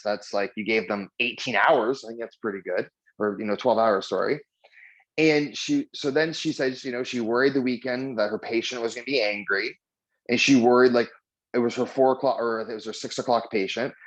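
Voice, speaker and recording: A man teaches a relaxed mindfulness lesson in a chatty, storytelling way, using lots of fillers. He acts out the people in his stories with lively voices. The sound is slightly dull and muffled. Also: medium pitch. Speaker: mindfulness trainer. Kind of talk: casual spoken lesson.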